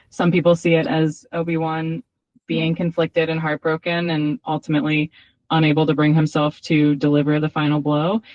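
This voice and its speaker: A woman's voice: deep voice, no echo. AI assistant woman's voice: upbeat and polite, dull lo-fi speaker sound, dry. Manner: polite, upbeat, even-tempered. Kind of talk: cheerful assistant replies.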